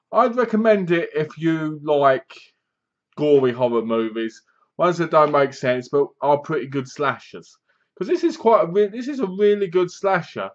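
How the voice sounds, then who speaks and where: A man's voice: a little high, dull audio. A man giving a casual, rambling spoken review of a horror film, often restarting his sentences. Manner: rambling, loose, many restarts. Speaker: movie reviewer.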